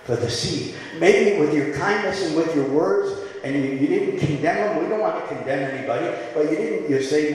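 A man preaching a sermon as pastor in a church, impassioned, swinging from quiet, gentle stretches to shouting. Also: a little high, animated, moderate pace, few pauses. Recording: echoey hall.

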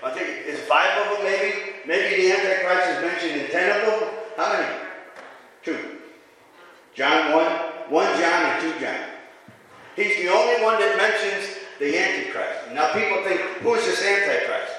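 A man preaching a sermon to his congregation, animated and asking for amens. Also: high voice, a little slow. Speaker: pastor. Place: church. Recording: echoey hall, mic from far off.

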